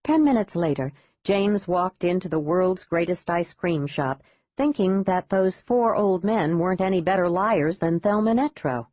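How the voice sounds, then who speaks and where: A woman reads a thriller audiobook in an even, measured way. Her voice sits on the low side. The recording is dry and a bit dull, with a lo-fi sound. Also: dry recording. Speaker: audiobook narrator. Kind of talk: scripted narration.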